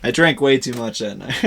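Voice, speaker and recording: A man's voice: mid-range voice, vocal fry, fairly bright tone, a little hiss or hum. A young man co-hosting a podcast, telling anecdotes in a laid-back way and chuckling often. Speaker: podcast co-host. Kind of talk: casual chat.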